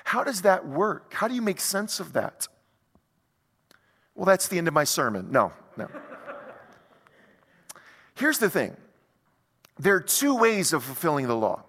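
A male pastor preaching a sermon in a conversational, animated way, full of rhetorical questions. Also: sits high, measured pace, pauses often, big-room sound.

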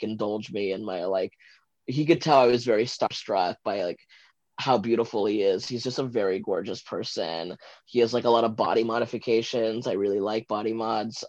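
A man's voice: on the low side, no room sound. A man from Los Angeles as a podcast guest, telling a personal story in casual chat, rambling with lots of fillers and giggles. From Los Angeles, USA. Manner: chatty, rambling, many fillers like "like" and "um"; giggly, animated when retelling moments. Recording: dull, dry lo-fi recording.

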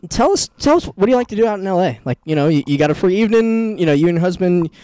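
A man's voice: high-pitched, lively intonation, racing, mellow, clean tone, no echo. A man hosting a podcast interview, jokey and stumbling, often repeating his words as he asks questions. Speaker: podcast host. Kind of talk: casual interview chat.

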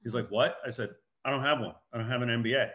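A man giving an animated business talk as a guest speaker, acting out dialogue and anecdotes. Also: mid-range voice, quick pace, lo-fi sound.

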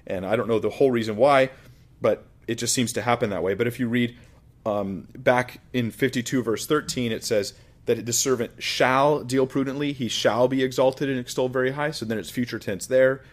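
A male pastor with a mid-range voice teaches scripture in a relaxed, conversational way. He mixes joking asides with his teaching. His delivery swings from loud emphasis down to quiet remarks. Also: medium pitch, normal speed. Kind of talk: Bible-teaching sermon.

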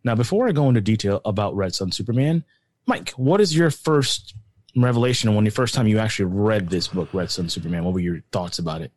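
Brief: middle-aged male host, upbeat chat, lowish voice, dry sound, video call. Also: lively intonation, fast talker, a little mellow, no echo. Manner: upbeat, chatty, self-correcting. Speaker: podcast host. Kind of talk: casual chat.

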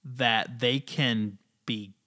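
A man co-hosting a comic book podcast, talking very slowly with a bright, sharp tone. He works out his thoughts aloud, restarting as he goes. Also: mid-range voice, fairly even intonation. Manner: halting, thinks aloud with restarts. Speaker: podcast co-host. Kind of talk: casual comic book review chat.

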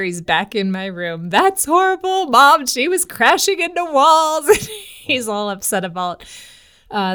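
A woman's voice: medium pitch, a bit bright, smooth. A woman pastor from the United States, tired today, speaking candidly in a conversational devotional podcast, telling a family story. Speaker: women's pastor.

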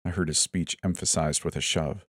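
Brief: male horror narrator, very low voice, dry close sound, tense first-person telling. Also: steady tone, moderate pace, a bit bright, dry recording. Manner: tense first-person storytelling, voicing each character in turn. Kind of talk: scripted horror story narration.

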